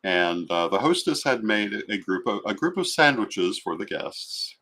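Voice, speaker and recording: A middle-aged man telling stories in a reflective, relaxed chat. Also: on the low side, unhurried. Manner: reflective, storytelling. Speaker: guest. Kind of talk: casual chat.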